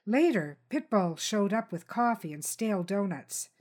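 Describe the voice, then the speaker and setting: A woman reading a tense crime novel aloud in steady, dramatic scripted narration. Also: mid-range voice, normal speed. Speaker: audiobook narrator.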